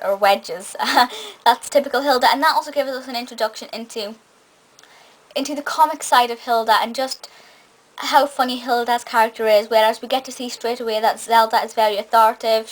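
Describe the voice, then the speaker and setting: Recorded on low-quality audio, this film and TV reviewer is a young woman with a fairly high voice. Chatty and excited, she talks through a TV episode and keeps restarting sentences.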